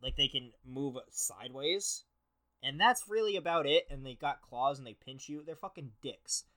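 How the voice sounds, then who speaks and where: A man's voice: mid-range voice, normal speed, pushed and bright. A young man hosting a casual podcast, reading horoscope text aloud and mocking it with profane, sarcastic asides. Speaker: podcast host. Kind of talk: casual comedic commentary.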